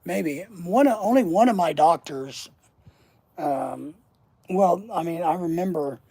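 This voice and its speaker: A man with a warm, mellow voice tells a rambling personal story to his channel's viewers, swearing freely and often trailing off mid-sentence. His voice sounds close and dry, with no room around it. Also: a little high, lively intonation, slow pace, gravelly, husky, no room sound. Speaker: channel host. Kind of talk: casual livestream storytelling.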